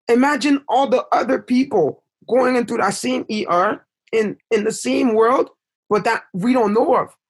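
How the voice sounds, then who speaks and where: A young man from Canada telling a painful story as a podcast guest, impassioned and full of fillers. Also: breathy edge. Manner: impassioned, rises in pitch when upset, many fillers. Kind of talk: emotional storytelling in conversation.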